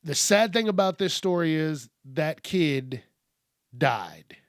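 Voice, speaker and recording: A man's voice: on the high side, lively intonation, slow pace, dry recording, studio quality. A male podcast host riffing casually on news stories, joking and swearing freely. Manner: profane, joking, rhyming asides.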